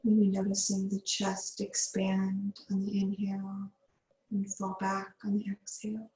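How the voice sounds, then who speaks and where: A woman leads a yin yoga practice, speaking slowly in an even, level tone. She gives soothing breath cues with long pauses between them. Her voice carries a roomy echo. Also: mid-range voice. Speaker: yoga teacher. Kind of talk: guided yin yoga meditation.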